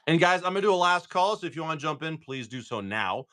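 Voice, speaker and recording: A man's voice: a little high, expressive, quick pace, a bit bright. A man hosting a live stream, opening card packs and upbeat as he thanks viewers by name.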